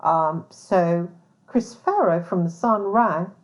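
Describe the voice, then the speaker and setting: A woman who hosts a podcast and works as a private investigator speaks slowly in a fairly low voice. Her casual monologue is blunt, full of swearing, "um"s and restarts, and the recording has a dull lo-fi sound.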